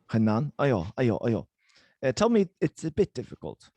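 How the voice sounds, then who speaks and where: A man's voice: mid-range voice, huge pitch swings, brisk, mellow, breathy edge, dry recording. A man teaching a Mandarin lesson over a video call, encouraging and switching between English and Chinese. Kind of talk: online language lesson.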